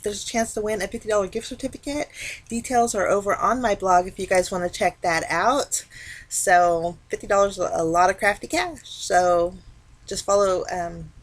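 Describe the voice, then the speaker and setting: A woman's voice: medium pitch, a little fast. Woman, craft tutorial voice-over, casual, chatty, step-by-step explaining. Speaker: card-making crafter.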